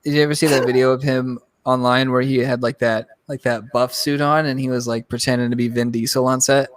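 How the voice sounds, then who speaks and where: A man co-hosting a podcast, chatting in a relaxed, joking, conversational way. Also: mid-range voice, fairly quick. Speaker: podcast co-host. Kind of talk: casual chat.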